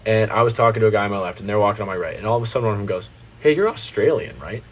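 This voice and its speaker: A young American man telling a story in casual podcast chat, animated and swearing freely, jumping into voices of the people in it. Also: lowish voice, very fast. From United States. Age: young adult. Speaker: guest.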